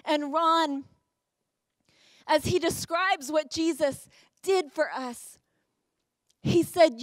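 A woman's voice: high-pitched, a little slow, no echo, studio quality. A woman pastor preaching a sermon, telling a personal story with rising passion. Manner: impassioned storytelling, rising to emotional peaks. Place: church.

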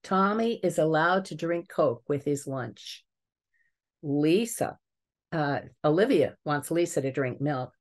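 An older woman, a family psychologist, giving a webinar lecture and telling lively case stories. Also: low-pitched, takes it slowly. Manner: lively storytelling, chuckles at examples.

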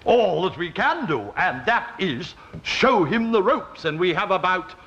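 An actor playing a flustered, genial bishop in a 1960s TV sitcom, fussy and chuckling. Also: male voice, high voice, very animated, a little slow, a bit bright, full character voice. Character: flustered genial male bishop, middle-aged. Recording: dull lo-fi 1960s TV soundtrack, faint hiss.

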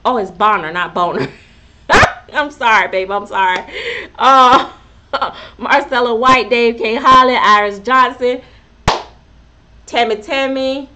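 A woman's voice: high voice, sharp tone, a little hiss or hum. A woman chatting casually on a live stream, reading out viewer names and laughing often.

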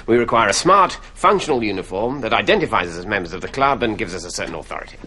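A pompous Southern club leader with a Southern US accent, played by a man. He sounds bright and indignant, and his voice moves up and down a lot. This is sketch comedy. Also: lowish voice, animated, fast.

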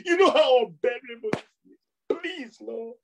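A man's voice: expressive, moderate pace, gravelly, soft background music, full character voice, rough recording. Man putting on a tearful begging worshipper. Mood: desperate pleading. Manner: high wailing pleas, voice breaking. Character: desperate begging believer, tearful, pleading.

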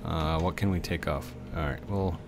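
Deep-voiced man rambling over gameplay. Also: fairly even intonation, moderate pace, noisy background. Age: 30s. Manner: rambling, chatty, talks to the game objects. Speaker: let's play host. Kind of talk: casual gameplay commentary.

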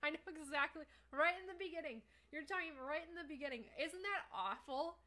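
A woman's voice: high voice, brisk, sharp tone. A young woman casually commenting on a game as she plays it, reading chat aloud and swearing often. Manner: chatty, swears a lot, reads chat aloud. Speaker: streamer. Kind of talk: live gameplay commentary.

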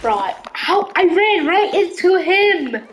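A woman giving live gameplay commentary, excitable and slangy, often yelling reactions. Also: very high-pitched, slow pace, slight background noise, poor audio. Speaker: gaming video creator.

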